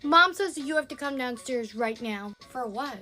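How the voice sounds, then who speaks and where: A woman's voice: lively intonation, moderate pace, over music. A woman voicing an exasperated, sarcastic teenage daughter who whines and pleads in a comedy sketch. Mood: whiny. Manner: whiny, high and pleading.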